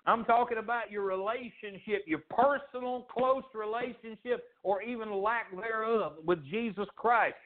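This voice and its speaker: A man with a high voice preaches a sermon, rising and falling sharply as he acts out the people in his story. The sound is thin and tinny, as if heard down a phone line. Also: a little slow, hardly any pauses. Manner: preaching with dramatic pitch swings, acting out quoted voices. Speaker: pastor.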